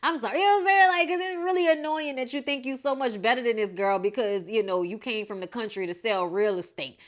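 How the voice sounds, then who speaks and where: A young woman from Los Angeles recapping a TV show in a sassy, animated, casual way. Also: a little high, fast. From Los Angeles, USA. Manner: sassy, animated, acts out quotes. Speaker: TV show reviewer.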